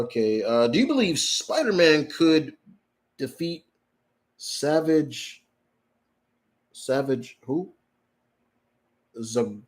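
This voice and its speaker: A man hosting a live question-and-answer stream, ranting in a profane, heated way, repeating himself for emphasis and reading viewer questions aloud. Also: mid-range voice. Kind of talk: unscripted live-stream rant.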